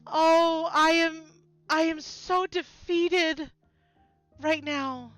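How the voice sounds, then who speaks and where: A woman art vlogger chatting casually while she draws, slipping into baby talk for her pet birds and reacting with big expressive outbursts. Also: very high-pitched, very slow, soft background music. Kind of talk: casual chat while drawing on a stream.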